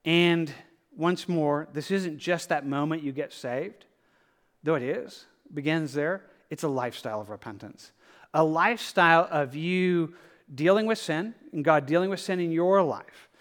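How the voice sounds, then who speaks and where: A man's voice: fairly high pitch, measured pace. A male pastor giving a verse-by-verse sermon in an earnest, conversational way, often acting out the inner voice of a believer and restarting his sentences. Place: church sanctuary.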